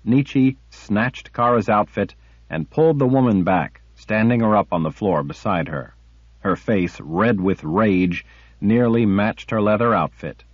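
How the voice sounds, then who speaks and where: A man narrating a fantasy audiobook with measured, dramatic storytelling. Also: fairly low pitch, breathy edge, no echo. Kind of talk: scripted narration. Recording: dull lo-fi audiobook recording.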